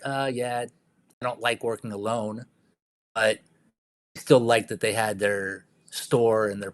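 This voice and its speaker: A man's voice: on the low side, fairly bright tone, no room sound. A man guest in a casual investing chat, recalling his experience in a rambling way with many fillers. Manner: rambling, filler-heavy recollection.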